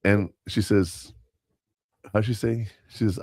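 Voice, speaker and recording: Deep gravelly guy on a podcast, rambles through teacher stories, dry studio sound. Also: fairly even intonation, slow, darkish tone, no echo. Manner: rambling, anecdotal, with self-corrections and quoted dialogue. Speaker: podcast co-host and substitute teacher. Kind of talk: casual storytelling chat.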